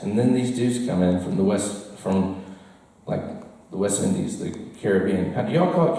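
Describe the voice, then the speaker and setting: A man telling a live comic story to a bar audience, animated and laughing as he goes, chatting with the crowd. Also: lowish voice, normal speed. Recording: roomy echo, mic far off.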